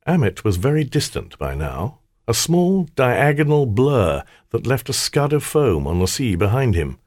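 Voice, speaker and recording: In a mid-range, darkish voice, a man narrates a fantasy audiobook in the first person, telling the story in a wry, theatrical way. It's scripted audiobook narration with clean studio quality and no echo.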